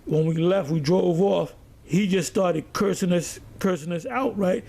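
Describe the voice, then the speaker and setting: A man preaches in a storytelling style and stops to read scripture aloud. His voice sits high and carries a gravelly rasp. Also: unhurried, warm tone. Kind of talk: sermon.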